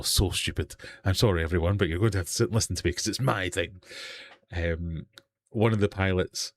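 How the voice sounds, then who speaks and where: A low-voiced man hosts a casual live fishkeeping hangout stream from his fish room, with slight background noise. He rambles, runs himself down, chats, and runs a quiz.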